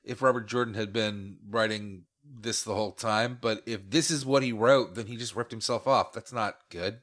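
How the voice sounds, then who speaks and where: A man's voice: on the low side, steady tone, moderate pace, a bit bright. A man co-hosting a podcast, talking casually in a wry, opinionated way and swearing now and then. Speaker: podcast co-host.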